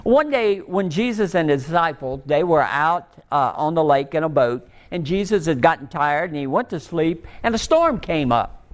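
A man preaching a sermon, rising and pleading at times, then dropping low and soft to tell a story. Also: lively intonation, normal speed. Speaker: pastor.

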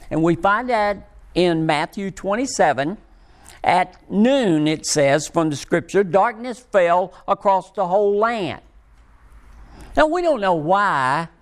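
A man preaching a sermon, speaking slowly and emphatically with rising and falling emphasis. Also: high-pitched. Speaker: pastor.

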